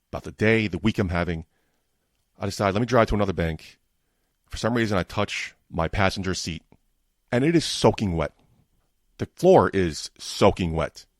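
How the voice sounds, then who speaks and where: A man's voice: sits low, dry recording, clean studio sound. A man hosting his own podcast, telling a frustrated, profane story about his bad week in a casual monologue. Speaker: podcast host.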